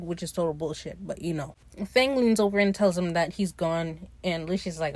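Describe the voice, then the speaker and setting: A woman hosting a podcast, recapping a TV episode in a casual chat. She swears freely and acts out the characters' lines in quick quotes. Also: medium pitch, fairly bright tone, no echo. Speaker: podcast host.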